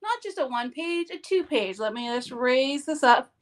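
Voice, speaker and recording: Chatty high-voiced craft demonstrator woman. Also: animated, moderate pace. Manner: chatty, upbeat, self-interrupting. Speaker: papercraft demonstrator.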